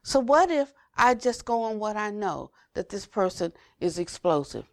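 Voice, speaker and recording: Older lady teaching a dharma talk, slow and repeating herself, ends go hushed, mid pitch, dry sound. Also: big pitch swings, no room sound. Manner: unhurried, repeats phrases for emphasis, drops to a near whisper at phrase ends. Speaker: Buddhist teacher.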